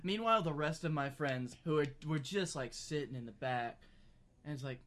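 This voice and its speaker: A man's voice: on the high side, fairly bright tone. A man co-hosting a podcast, chatting casually and riffing playfully on jokes. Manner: playful, quick to riff on jokes. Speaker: podcast co-host. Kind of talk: casual comedic chat.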